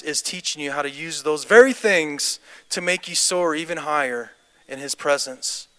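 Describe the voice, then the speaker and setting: At a church service, a man with a slightly high, fairly bright voice preaches a sermon and then closes in prayer while music plays underneath. He is impassioned and repetitive, building to declarations.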